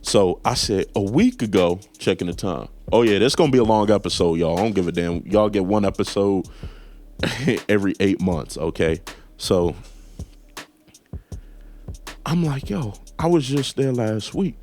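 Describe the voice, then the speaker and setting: Animated man telling a story over music. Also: deep voice, moderate pace. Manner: animated, acts out phone calls in put-on voices. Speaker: podcast host. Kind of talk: casual comedic storytelling.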